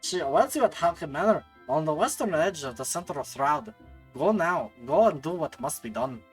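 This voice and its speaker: A man voicing an elderly, grieving household servant from a game, in a gravelly put-on voice with a Scottish accent, in a low, hushed storytelling tone. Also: expressive, normal speed, faint music behind, lightly acted, low-quality recording. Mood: urging. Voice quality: gravelly gremlin voice. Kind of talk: reading game dialogue aloud.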